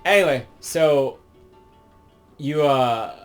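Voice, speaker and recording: Speaking extremely slowly in a slightly high, clear, resonant voice, a game reviewer rambles casually through a video game with lots of fillers and cursing. Soft music plays in the background, and the audio quality is poor.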